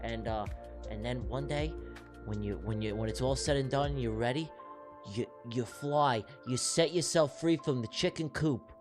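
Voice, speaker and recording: A man's voice: mid-range voice, normal speed, over music. A man hosting a trading livestream, talking in a rambling, affectionate, repetitive way. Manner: rambling, affectionate, repeats himself. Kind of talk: casual live-stream chat.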